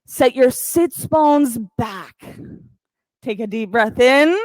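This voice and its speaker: A woman teaching a yoga class, calmly counting breaths and cueing poses with encouragement. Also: high voice, slow pace, no room sound, rough recording. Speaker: yoga instructor. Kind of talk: guided yoga class cues.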